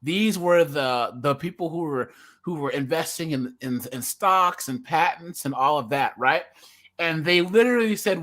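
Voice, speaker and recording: Rambling Californian man, bright voice. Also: fairly high pitch, expressive, normal speed. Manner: rambling, many restarts and repeated words. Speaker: podcast co-host. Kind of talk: casual chat.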